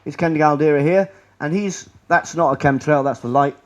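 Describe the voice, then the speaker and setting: A public speaker with a slightly high voice and moderate pace delivers a wandering, sarcastic presentation to a lecture-room crowd, frequently beginning his sentences again.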